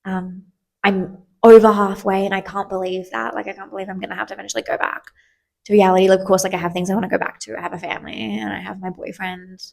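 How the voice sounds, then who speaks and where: A woman's voice: medium pitch, level tone, quick pace, vocal fry, a little mellow. A woman in her twenties hosting a podcast, talking candidly and chattily with lots of fillers and casual swearing. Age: 20s. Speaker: podcast host. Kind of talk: casual solo podcast chat.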